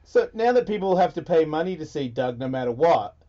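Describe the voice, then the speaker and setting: A man hosting a radio talk show in casual chat, animated and excitable, swearing freely. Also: on the high side, fairly quick. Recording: dull lo-fi broadcast audio.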